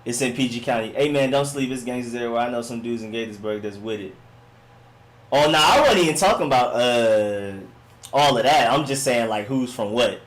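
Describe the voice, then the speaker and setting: Relaxed and slangy, a man runs a sports live stream, drifting from comment to comment while chatting with viewers and repeatedly asking "you know what I'm saying". His voice sits at an ordinary middle pitch, and he talks a little fast.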